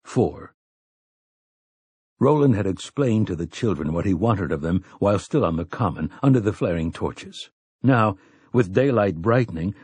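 A man reading a novel aloud in a measured, even narration. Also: lowish voice, husky, no echo. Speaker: audiobook narrator. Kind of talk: scripted narration.

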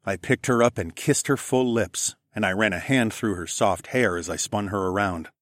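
A man narrating a first-person adventure story in a steady, matter-of-fact reading. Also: fairly low pitch, moderate pace, no room sound, studio quality.

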